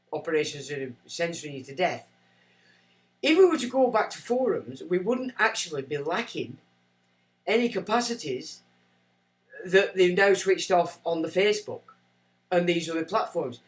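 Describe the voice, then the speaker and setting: A man's voice: on the high side, rough recording. A man hosting a livestream, rambling and self-mocking as he chats to viewers. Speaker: livestream host. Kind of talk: casual livestream chat.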